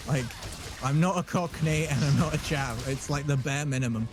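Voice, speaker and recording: A man's voice: on the high side, normal speed, a little hiss or hum. Rambling jokey man, southern English accent. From southern England. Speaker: streamer. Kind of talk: casual gaming chat.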